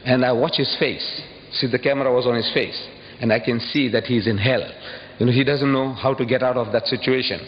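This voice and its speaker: A man's voice: fairly even intonation, brisk. Emphatic man lecturing in an echoing hall. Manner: emphatic, rhetorical questions, sudden high bursts. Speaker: public lecturer. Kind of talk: impassioned public lecture. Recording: dull old recording, long hall reverb, faint hiss.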